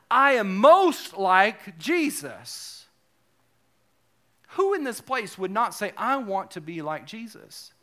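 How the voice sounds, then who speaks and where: A male pastor giving a sermon, animated and joking, with self-deprecating asides. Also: high-pitched.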